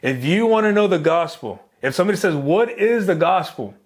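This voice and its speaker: A man giving a Bible lesson in an earnest, emphatic way, slowing on key phrases and lifting his voice on questions. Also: sits high, animated. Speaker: Bible teacher. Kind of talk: sermon.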